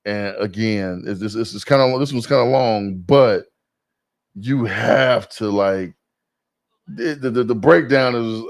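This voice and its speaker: A man's voice: on the low side, measured pace. A man hosting a podcast, talking loosely and casually in slang, with lots of restarts. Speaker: podcast host. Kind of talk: casual chat.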